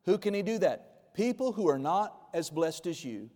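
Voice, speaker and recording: Fiery forties pastor, slightly high voice, shifting between loud and hushed, in a reverberant hall. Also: male voice, big pitch swings, normal speed. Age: 40s. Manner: emphatic, swings from loud bursts to quiet intimate asides. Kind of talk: sermon.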